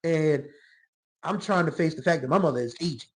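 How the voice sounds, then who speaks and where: A middle-aged man with a scratchy throat hosting his own music channel, talking casually and reflectively about songs, now and then letting out a drawn-out "whew.". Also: fairly high pitch. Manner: reflective, gets emotional, drawls exclamations like "whew". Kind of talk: casual solo music commentary.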